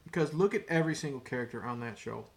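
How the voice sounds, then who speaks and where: A man's voice: mid-range voice, animated, fast talker. A man ranting casually to camera as a vlogger, rambling, cursing and repeating his words. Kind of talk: casual opinion rant to camera.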